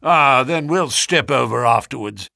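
Brief: a man playing an easygoing old colonel, lively pitch, dry close sound. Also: unhurried, creaky, no room sound, heavily acted. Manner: genial, matter-of-fact storytelling. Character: hearty older country colonel, genial and matter-of-fact.

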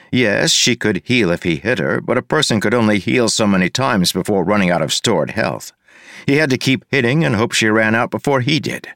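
A man narrating an audiobook in a wry, expressive way. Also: on the low side, no echo, studio quality.

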